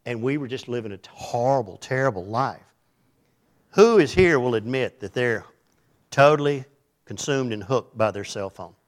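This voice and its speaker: A man preaching a sermon in a folksy, teasing way, swinging between loud and hushed delivery. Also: medium pitch, animated, moderate pace. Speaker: pastor.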